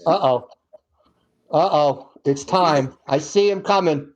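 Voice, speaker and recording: A man's voice: fairly high pitch, slow pace, a little mellow. A middle-aged man hosting a casual sports podcast in an easygoing way, steering the talk and cueing up clips. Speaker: podcast host.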